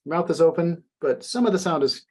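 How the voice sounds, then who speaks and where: A young man teaching a French lesson, explaining words slowly and translating each phrase. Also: on the high side, expressive, a little hiss or hum. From United States. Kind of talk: classroom language lesson.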